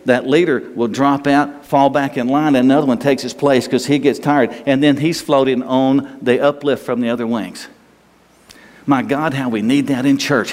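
A man's voice: medium pitch, a little mellow. A man preaching a sermon as a pastor, folksy and rambling, with restarts and small chuckles. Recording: long hall reverb.

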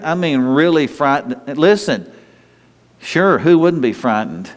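A man preaching a sermon in a lively, conversational way, restarting phrases and talking straight to the congregation. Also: a little high, measured pace. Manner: animated, conversational preaching with frequent restarts and asides. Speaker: pastor. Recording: long reverb of a large hall.

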